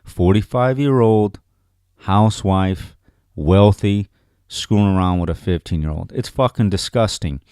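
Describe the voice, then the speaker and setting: A man with a lowish voice rants through a profane, exasperated commentary, looping back to the same questions and filler. The sound is close and dry, with no room around it. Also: a little slow, a little mellow, clear, resonant tone, no echo. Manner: exasperated, repeats "you know what I mean". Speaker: podcast co-host.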